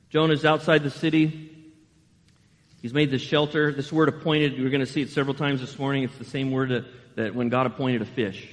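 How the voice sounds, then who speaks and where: Animated male pastor in a reverberant hall. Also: fairly high pitch. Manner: animated, rhetorical questions to the congregation. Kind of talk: sermon.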